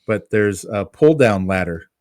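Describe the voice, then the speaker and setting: Man telling a lively story, dry sound. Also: fairly low pitch, a little slow, dry recording. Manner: animated, self-mocking storyteller. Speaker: podcast co-host, pest control technician. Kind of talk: casual podcast storytelling.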